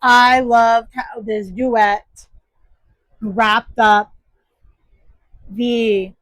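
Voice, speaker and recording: A woman's voice: on the high side, fairly even intonation, drawn-out words, a bit bright, no room sound, low-quality recording. A woman book vlogger casually reviewing her monthly reads, enthusiastic and emphatic.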